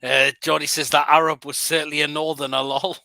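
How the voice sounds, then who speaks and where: A man's voice: a little high, flat delivery, a little fast, vocal fry, bright, forceful tone, no room sound. A man hosting a casual live stream, reading out viewer comments with short agreeing replies. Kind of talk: casual chat.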